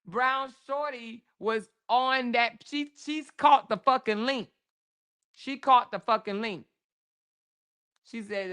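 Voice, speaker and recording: A woman hosts a livestream and vents straight at her chat in a casual rant. She swears freely and calls out viewers by name. Her voice stays smooth and resonant under all the heat. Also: mid-range voice, slow, pushed and bright. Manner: heated and profane, addressing viewers directly. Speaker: livestream host.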